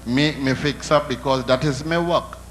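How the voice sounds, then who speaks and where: A man's voice: medium pitch, normal speed, a little hiss or hum, pitched below the performer's own voice, lightly acted. A man voicing a demanding male bar customer with no arms who gives curt, bossy orders.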